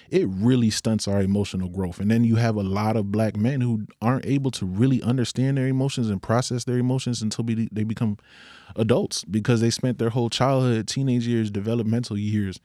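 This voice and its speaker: A man's voice: on the low side, warm tone, dry recording, studio quality. A young man speaking in an earnest, candid personal monologue, with occasional rueful laughs.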